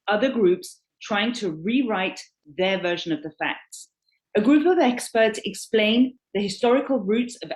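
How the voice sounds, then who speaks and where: A woman moderating a panel reads a prepared personal account aloud, stressing key words expressively, then hands the floor over. Her pitch is medium. The recording sounds roomy and rough.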